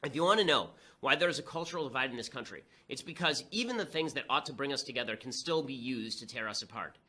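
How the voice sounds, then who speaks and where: Rapid-fire sarcastic male commentator. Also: mid-range voice, lively intonation, sharp tone, breathy edge. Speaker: political commentator. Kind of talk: fast political commentary monologue.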